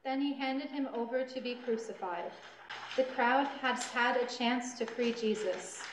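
A woman reading the narration of a scripture passage at a church service, steady and clear. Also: a little high, unhurried, background noise. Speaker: lay reader, narrator. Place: church sanctuary. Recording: echoey church.

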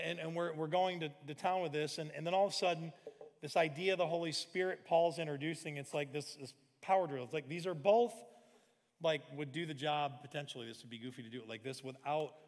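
A lively sermon comes from a pastor in his forties whose fairly high voice is slightly raised and moves a little fast. He performs small scenes and at times breaks into shouts, all echoing with the long reverb of a large church hall.

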